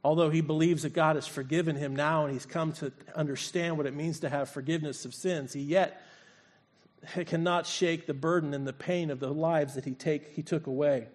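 A man's voice: fairly high pitch, steady tone, normal speed. A male pastor preaching a sermon, retelling a scripture story and acting out its voices. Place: church sanctuary.

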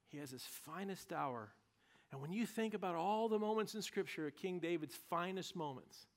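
High-voiced animated preacher. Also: male voice. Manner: animated storytelling with humorous asides. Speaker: pastor. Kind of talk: sermon.

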